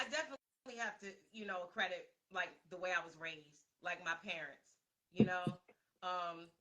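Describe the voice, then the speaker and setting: A woman's voice: lowish voice, sharp tone, low-quality recording. A woman rapper from Baltimore chatting as an interview guest, laughing often and talking with lots of fillers. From Baltimore, USA. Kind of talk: casual conversation.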